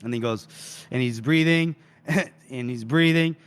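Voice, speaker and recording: A man's voice: mid-range voice, a little slow, smooth. A man co-hosting a podcast, animatedly recapping a novel and laughing often. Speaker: podcast co-host. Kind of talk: casual book recap.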